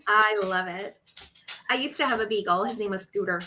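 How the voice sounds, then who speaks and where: Bright, chatty woman on a video call. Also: mid-range voice, normal speed. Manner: chatty and giggly, trailing off mid-sentence. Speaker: co-host of a craft shop live stream. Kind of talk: casual chat.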